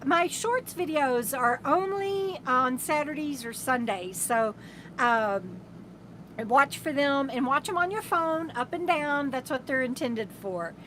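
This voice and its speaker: A high-pitched woman with a drawl chats on a live stream from her RV. She reads viewer comments aloud and rambles affectionately, often restarting her sentences. A faint hum of ambient noise sits behind her voice. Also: fairly bright tone. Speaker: RV travel vlogger, host of a live stream. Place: inside her RV.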